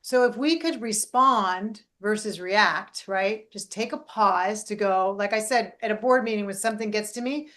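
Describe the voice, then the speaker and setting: Middle-aged female coach and host, casual chat, animated, tags lines with "right?", mid-pitched. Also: normal speed, few pauses. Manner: animated, keeps adding "right?". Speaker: life coach and podcast host.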